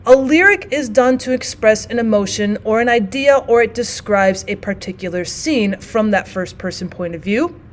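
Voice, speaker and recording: A woman teaching a lesson on poetry, explaining each form step by step and reading example poems aloud slowly. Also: on the high side. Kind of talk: classroom lesson.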